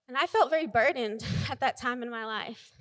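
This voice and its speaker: Heartfelt woman sharing her testimony. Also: sits high. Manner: chatty and heartfelt, apologizes for talking long. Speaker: church member giving testimony. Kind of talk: personal testimony.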